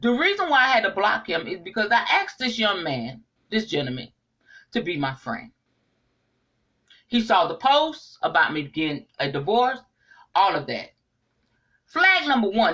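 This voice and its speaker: Animated, bright-voiced middle-aged woman preaching. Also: mid-range voice, moderate pace, lo-fi sound. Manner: animated, preachy, speaks straight to the audience. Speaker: online inspirational speaker. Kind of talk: casual spiritual monologue to viewers.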